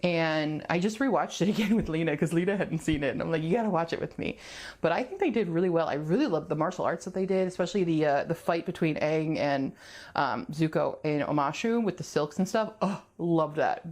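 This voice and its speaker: A woman's voice: low-pitched, darkish tone. Chatty woman cooking at home. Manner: rambling, laughs often, talks to herself while cooking. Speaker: cooking video host. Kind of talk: casual chatty cooking vlog. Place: home kitchen.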